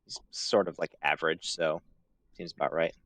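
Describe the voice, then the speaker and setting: A man's voice: rumbling low, little pitch movement, normal speed, fairly bright tone. A man playing in a tabletop game, talking in a laid-back drawl. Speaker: player.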